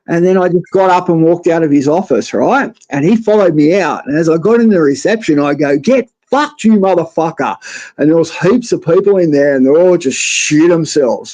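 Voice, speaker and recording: A man's voice: high voice, a little mellow, no room sound, poor audio. A man with an Australian accent telling his story casually, swearing often and stumbling over restarts. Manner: profane, halting with many restarts.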